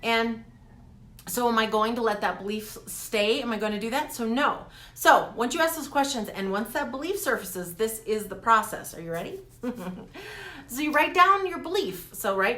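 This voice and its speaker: A woman talking straight to her viewers in a casual motivational vlog, animated and laughing often. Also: fairly high pitch, moderate pace. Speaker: coach vlogger. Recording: echoey room.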